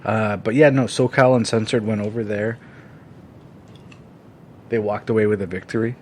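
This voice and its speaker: A man co-hosting a casual podcast chat, rambling with lots of fillers and swearing freely when excited. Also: fairly low pitch, moderate pace, slight background noise. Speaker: podcast co-host.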